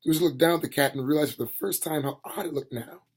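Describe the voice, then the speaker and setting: A man reading a fantasy novel aloud in an amateur audiobook reading, steady and plain with small slips. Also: on the high side, quick pace, breathy edge. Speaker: reader.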